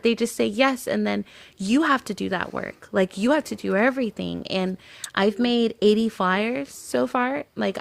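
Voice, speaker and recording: A woman's voice: medium pitch, vocal fry, dry recording. A woman hosting a video-call interview, emotional and effusive, laughing often. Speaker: host. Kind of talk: casual video-call chat.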